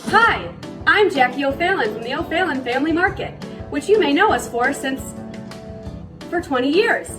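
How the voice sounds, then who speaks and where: A woman plays a cheerful small-town grocer in a mock local commercial. Her voice sits very high and swings lively up and down, with clear music playing under her pitch. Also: moderate pace. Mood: chirpy. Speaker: market owner in a mock local ad.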